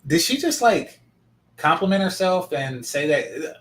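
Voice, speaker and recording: A man's voice: fairly high pitch, very animated, measured pace. Blunt sarcastic male commentator. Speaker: commentator reacting to a clip. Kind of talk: casual reaction commentary.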